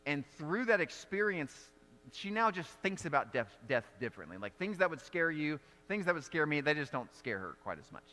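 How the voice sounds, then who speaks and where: Bright-voiced male preacher in a reverberant hall. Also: a little high, fairly quick. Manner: conversational storytelling preacher, animated delivery. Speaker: pastor. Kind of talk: sermon. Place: church sanctuary.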